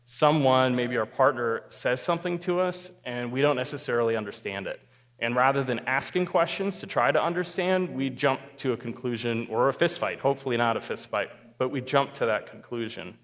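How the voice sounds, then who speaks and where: A man from Sioux Falls tells a comic, self-deprecating story to a live group, his voice neither high nor low. He builds up to the funny moments and then eases into calm advice. The sound carries a long reverb, as in a large hall. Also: brisk. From Sioux Falls, South Dakota. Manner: animated storyteller, self-mocking humor, gets louder and higher at climaxes. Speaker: marriage therapist speaking at a church group.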